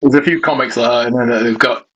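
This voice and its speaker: A man's voice: mid-range voice, steady tone, fast, fairly bright tone, slightly rough, dull audio. A young man with a Yorkshire accent, co-hosting a laid-back casual chat. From Yorkshire, England. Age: young adult. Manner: laid-back, agreeable, loose chatty. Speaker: podcast co-host.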